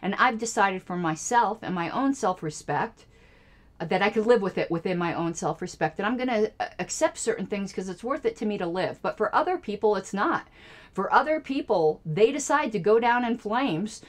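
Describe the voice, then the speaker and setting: At a moderate pace and in an animated, medium-pitched voice, a female radio host responds to clips she plays. Her political commentary comes across as indignant and sarcastic, sprinkled with jokey asides.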